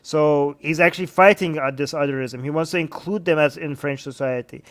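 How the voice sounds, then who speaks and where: High-voiced man ranting with profanity. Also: brisk. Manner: profane, heated, mocking; escalates to shouting. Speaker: host reacting to clips. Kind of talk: ranting commentary.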